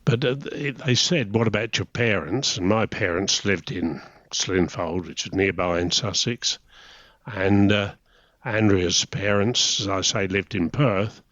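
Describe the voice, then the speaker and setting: A deep, slightly bright voice at a measured pace belongs to an English man in his eighties who served as a naval officer and now reminisces in a casual interview. He tells chatty anecdotes and often chuckles; the recording is dry, slightly dull, and echo-free.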